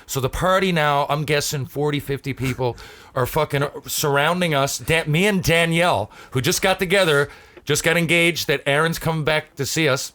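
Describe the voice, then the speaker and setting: A man's voice: a little high, normal speed. A man hosting a podcast, telling a story in casual chat with plenty of swearing and restarts. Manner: profane, animated anecdote-telling with many restarts. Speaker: podcast host.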